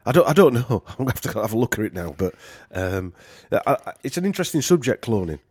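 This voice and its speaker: A man's voice: mid-range voice, big pitch swings, fast, a little mellow, slightly rough, no echo. A man with a Yorkshire accent hosting a casual podcast chat, rambling and joking with lots of fillers. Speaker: podcast host.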